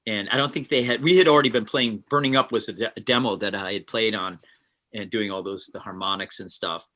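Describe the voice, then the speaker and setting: Brief: guest musician, bright forceful voice, lively anecdotes, plays out every quote. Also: male voice, lowish voice. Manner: animated, acts out quotes. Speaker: session guitarist, guest. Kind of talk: interview storytelling.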